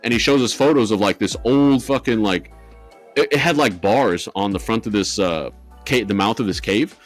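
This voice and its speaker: A man's voice: fairly low pitch, moderate pace, soft background music. A man co-hosting a podcast, telling a ghost story in rambling casual chat with lots of swearing and fillers. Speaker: podcast co-host.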